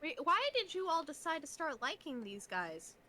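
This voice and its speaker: Wry woman player with a bright voice. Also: high-pitched, sing-song, moderate pace. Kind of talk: casual game-table banter.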